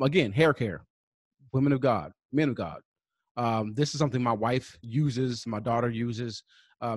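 A man co-hosting a podcast, giving casual sponsor shout-outs and spelling out web addresses slowly, with many fillers. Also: medium pitch, dry recording, clean studio sound. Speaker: podcast co-host.

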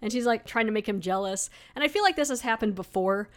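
A woman's voice: fairly high pitch, quick pace. A woman hosting a podcast, recapping an episode in a chatty, casual way full of fillers. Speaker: podcast host.

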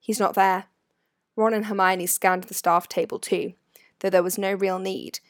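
A woman narrating a storybook in an expressive, varied reading, recorded close to the mic. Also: mid-range voice, normal speed, dry recording. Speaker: audiobook narrator.

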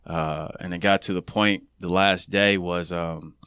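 A man on a podcast telling a personal story in an earnest, casual way, growing animated when he acts out what people said. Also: low-pitched, a little slow, clear, resonant tone, no echo, clean studio sound. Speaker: podcast guest.

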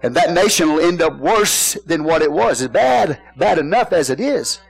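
Folksy pastor with a higher voice. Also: male voice, lively intonation, moderate pace, vocal fry, husky, poor audio. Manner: folksy, joking, asks the congregation questions. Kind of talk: sermon. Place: church.

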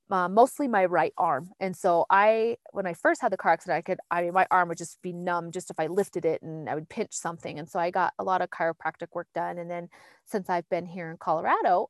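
A woman's voice: mid-range voice, no room sound. A woman talking in a casual heartfelt chat, earnest and reflective, meandering and restarting as she goes.

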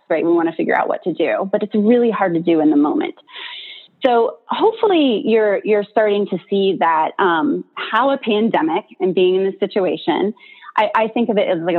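A woman's voice: medium pitch, husky. Chatty woman therapist, tinny sound. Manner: chatty, lots of "like" and "right?" tag questions. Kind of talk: casual explanatory teaching talk.

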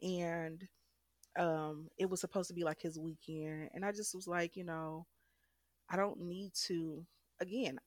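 A woman's voice: lowish voice, steady tone, measured pace, dry recording. A young woman frankly and emphatically telling a personal story as a guest.

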